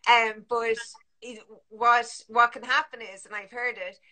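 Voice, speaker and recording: A woman working as a sleep consultant talks over a live video call. Her voice is bright and forceful, and she rambles a little, restarting sentences and acting out parents and toddlers as she explains. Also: a little high, steady tone, unhurried. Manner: chatty, many restarts and fillers, acts out parents and children.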